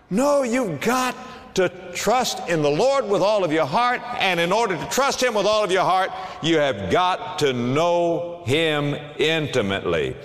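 A middle-aged male pastor preaching a sermon, swinging from low, quiet asides to loud, emphatic exclamations. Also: big pitch swings, unhurried, long reverb tail.

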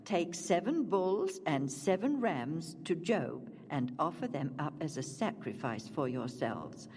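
Woman narrator doing a stern, solemn God; low, unhurried, with music. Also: sing-song, darkish tone, slightly rough, big-room sound, heavily acted. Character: God, stern and loving divine voice.

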